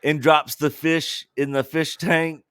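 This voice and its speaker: A man co-hosting a casual review chat, slow and hesitant with many fillers. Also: fairly high pitch, little pitch movement, a bit bright, clean tone, dry recording, clean studio sound. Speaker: co-host of a TV review show.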